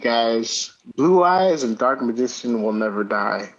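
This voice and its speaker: A man's voice: medium pitch, expressive, measured pace. A man co-hosting a podcast, chatting casually and laughing easily. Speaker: podcast co-host. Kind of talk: casual chat. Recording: dull lo-fi audio.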